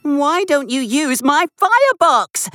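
A storyteller voicing a friendly, eager young male tank engine in a bright storybook voice. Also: sits high, sing-song, slow, a little hiss or hum, voice pushed up, heavily acted. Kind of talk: storybook read-aloud.

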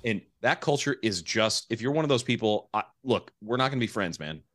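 A man's voice: on the low side, expressive, a little fast, a bit bright, dry recording, studio quality. A man co-hosting a podcast, chatting casually with blunt, opinionated rants. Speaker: podcast co-host.

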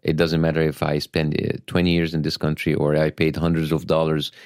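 A middle-aged man with an Egyptian Arabic accent, a satirist guest talking in a wry, self-deprecating way with thoughtful pauses. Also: rumbling low, monotone, a little mellow, dry recording, studio quality. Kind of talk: conversational interview.

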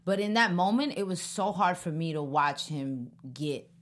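A woman co-hosts a relaxed talk show, reflecting on what she has watched. She sits in a lower pitch range and pauses now and then to find her words. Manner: reflective, hesitant, with fillers. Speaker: podcast co-host. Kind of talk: casual chat.

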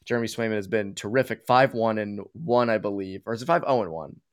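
A man's voice: on the low side, quick pace. Sex: man. Role: rambling sports podcast host. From Boston area. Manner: rambling, many fillers and restarts. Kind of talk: casual sports talk.

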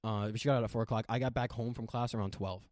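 Fast-talking young man, profane storyteller. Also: medium pitch, no echo, clean studio sound. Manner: profane, animated storytelling with quoted dialogue. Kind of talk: casual chat.

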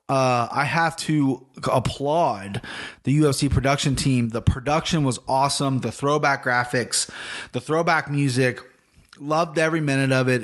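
Rambling, profane man podcasting solo. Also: medium pitch. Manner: rambling, profane, self-interrupting. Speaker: podcast host. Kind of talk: casual solo podcast rant.

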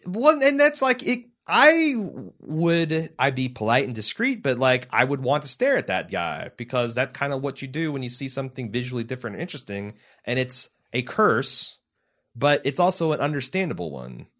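A man in his thirties co-hosting a casual film chat, halting and searching for words, getting animated when he tells a story. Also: mid-range voice. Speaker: podcast co-host.

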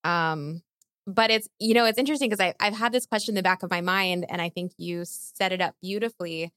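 A woman with a fairly low voice asks her question earnestly and with effusive praise. The recording is close and dry. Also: brisk, fairly bright tone, no room sound. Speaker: audience member asking a question. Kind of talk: conversational question.

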